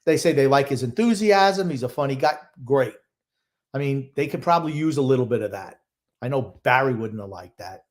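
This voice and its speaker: A man's voice: medium pitch, expressive, a little fast. A man co-hosting a casual sports podcast, giving blunt, grumbling opinions. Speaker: podcast co-host.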